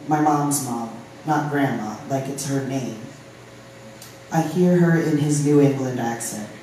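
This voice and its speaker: A poet from Ohio reading poems aloud at a live open mic, with halting, filler-laden chat between poems. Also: medium pitch, a little mellow, slight background noise. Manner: reads poems, chats with fillers between them. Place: live venue room. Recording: very echoey room from a distance.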